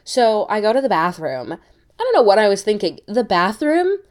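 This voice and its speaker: A young American woman hosting a podcast, telling a travel story in an animated way with many quick restarts. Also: medium pitch. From United States. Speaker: podcast host. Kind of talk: casual storytelling.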